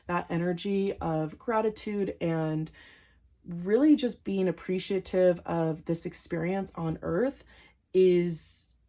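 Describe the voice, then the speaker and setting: A woman doing a pick-a-card tarot reading to her viewers, gentle and emotional, with lots of filler words. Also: fairly low pitch, slow pace. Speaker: tarot reader.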